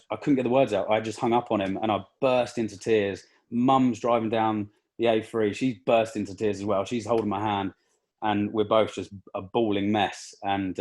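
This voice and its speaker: A young man with a lowish voice talks through a painful memory as a podcast guest. He stops and restarts often, his words catching with emotion. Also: a little mellow. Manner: halting, with many restarts and fillers, emotional. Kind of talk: emotional personal story in casual conversation.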